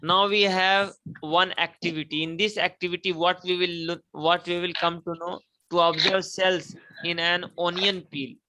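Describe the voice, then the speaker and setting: Bright-voiced teacher. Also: male voice, sits high, little pitch movement, moderate pace, hardly any pauses, poor audio. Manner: repetitive, emphatic, prompts students to repeat. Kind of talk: classroom lecture.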